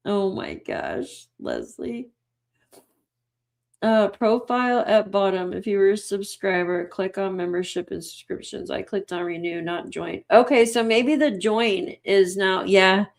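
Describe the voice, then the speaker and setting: A woman's voice: mid-range voice, a little slow, gravelly. A woman hosting a livestream in casual chat, reading out comments and laughing often. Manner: laughs often, giggly and excitable. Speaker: livestream host.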